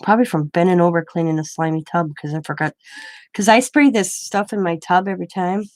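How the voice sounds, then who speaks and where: A woman's voice: lowish voice, a little fast, a little mellow, no echo. An older woman, a grandmother, telling a rambling story in casual chat, with many restarts. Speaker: craft vlogger.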